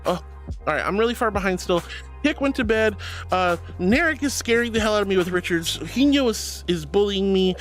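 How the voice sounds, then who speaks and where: A woman hosts a relaxed live stream, reading her chat aloud and protesting with playful mock indignation. Her voice swings widely in pitch while staying at a middle register. Faint background music plays beneath her. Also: a little fast. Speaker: VTuber streamer.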